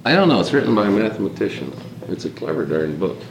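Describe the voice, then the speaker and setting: Fast and very animated, a man with a fairly low, creaky voice leads a loose talk for a small group. His thoughts ramble reflectively while he stacks up repeated prompts to "consider." The space sounds echoey, with faint hiss.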